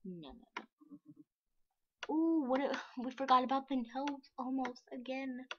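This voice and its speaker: A young woman giving casual, sarcastic commentary over a screen recording, giggly and excitable, sometimes dropping to a whisper. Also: high-pitched, slow pace, breathy edge. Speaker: vlogger. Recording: dull lo-fi mic with mouse clicks.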